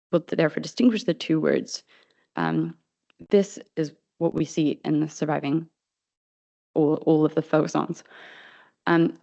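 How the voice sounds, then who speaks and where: A woman presenting an academic conference paper in a careful, measured reading style with frequent hesitations. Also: low voice, gravelly, a little mellow, no echo, muffled recording. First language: not Swedish.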